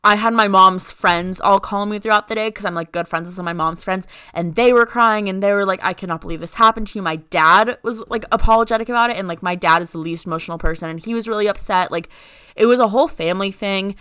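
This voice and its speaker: A woman's voice: mid-range voice, fast talker, sharp tone, clean tone, dry recording, clean studio sound. A young woman co-hosting a podcast, telling a story in casual chat and filling it with "like". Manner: rambling, heavy use of "like". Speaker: podcast co-host.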